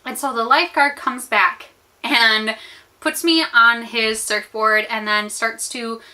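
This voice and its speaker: A young American woman telling a story to her viewers in a chatty, animated way with many fillers while she eats. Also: on the high side, takes it slowly. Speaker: vlogger. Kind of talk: storytime chat while eating.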